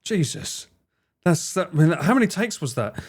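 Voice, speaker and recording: A man's voice: on the high side, very animated, normal speed, breathy edge. A man streaming live, reacting to ads with swearing, laughter and disbelief. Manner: swears a lot, laughs, incredulous.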